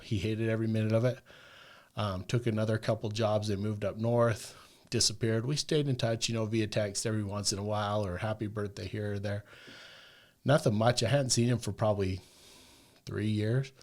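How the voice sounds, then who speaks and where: As a guest on a podcast, this man meanders through a lengthy personal story, constantly dropping in "like" and "right?". He speaks at normal speed with a fairly low, fairly even, somewhat mellow voice.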